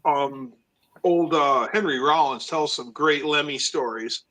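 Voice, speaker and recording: Male stream host, higher voice, loose rambling storyteller. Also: measured pace, pushed and bright. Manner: rambling storyteller, acts out quotes. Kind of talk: casual live-stream chat.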